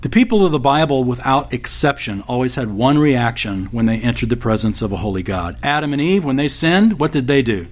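A man's voice: mid-range voice, expressive, brisk, hardly any pauses. Folksy male preacher. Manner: conversational, folksy with corny jokes. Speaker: pastor. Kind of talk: sermon.

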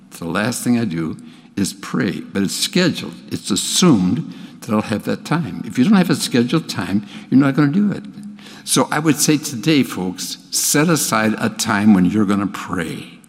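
A man's voice: medium pitch, very animated, moderate pace. An older man preaching a sermon in a folksy, plain-spoken way, with small restarts. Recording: long reverb of a church hall.

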